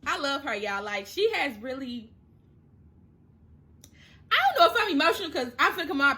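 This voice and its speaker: A woman's voice: high-pitched, sing-song, moderate pace, long pauses, bright, forceful tone. A young woman, chatting casually through a storytime while doing her makeup, emotional and at times close to tears. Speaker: makeup vlogger.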